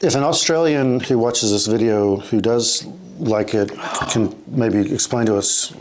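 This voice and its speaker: A man with an average, middle-range voice who co-hosts a casual snack tasting. He talks slowly and carefully, often pausing and restarting as he hunts for the right words. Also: mid-range voice, a little mellow, low-quality recording. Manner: hesitant, measured, searching for words.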